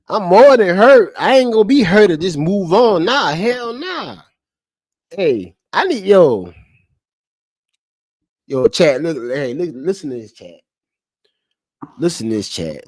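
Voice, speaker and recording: A man with a fairly high-pitched voice goes off at his live-stream chat, angry, swearing and hammering the same points repeatedly in unscripted commentary. The recording is studio quality, free of echo.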